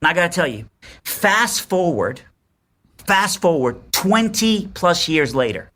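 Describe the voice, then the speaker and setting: Speaking a little slowly, with a voice that sits high, a man in his forties recounts something from his own life as a podcast guest. The chat is casual, and he brings the story alive by acting out what each person said.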